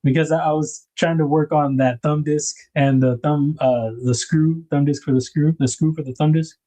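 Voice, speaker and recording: A man's voice: on the high side, steady tone, moderate pace, warm tone. A man hosting a casual livestream, rambling about knife design and greeting viewers in the chat by name.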